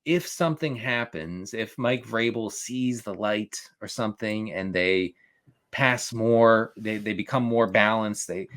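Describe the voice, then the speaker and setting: Stammering, laughing fantasy football co-host man. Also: on the low side. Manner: stammering restarts, quick laughs, animated. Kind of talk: casual podcast chat.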